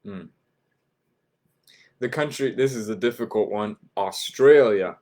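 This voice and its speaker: A man teaching a language class, repeating each word slowly and patiently, often checking in with "right?" and "okay?". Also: mid-range voice, darkish tone. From United States. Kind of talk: slow, patient vocabulary lesson.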